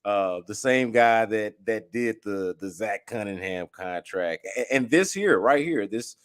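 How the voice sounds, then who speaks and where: A man's voice: on the low side, expressive, measured pace, smooth. A man co-hosting a sports talk show, building a long, emphatic argument in a casual way. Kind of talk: casual chat.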